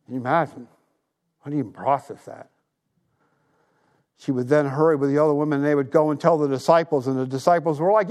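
A man's voice: a little high, fairly even intonation, fast, long pauses, a little mellow. A man in his sixties preaching a sermon, retelling a story with emphasis and making earnest appeals. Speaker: pastor.

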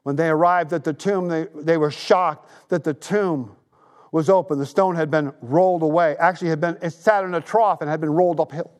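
A man's voice: a little high, a little fast. A man in his sixties preaching a sermon, retelling a story with emphasis and making earnest appeals. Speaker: pastor.

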